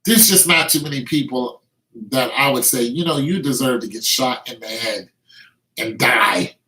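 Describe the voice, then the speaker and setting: This vlogger is a middle-aged man ranting on camera in a medium-pitched, sharp-toned voice at normal speed. His delivery is emphatic, with repeated words for stress, captured with a roomy echo.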